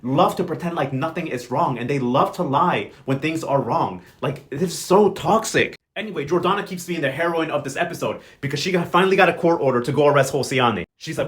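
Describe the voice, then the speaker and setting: Sassy, fast-talking young man. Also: on the high side. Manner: sassy, animated, quick quoting with exaggerated voices. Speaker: recap host. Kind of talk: casual commentary.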